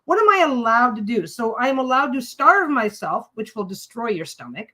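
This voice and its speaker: Bright-voiced woman ranting bluntly. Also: fairly high pitch, very animated, normal speed, rough recording. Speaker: livestream host. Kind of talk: casual chat while sewing.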